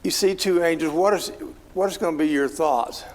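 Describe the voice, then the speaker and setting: A man's voice: fairly high pitch, normal speed, big-room sound, poor audio. A man leading an informal Bible study in a church, talking conversationally and asking his class questions. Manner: conversational, asks the class questions, many fillers. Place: church hall.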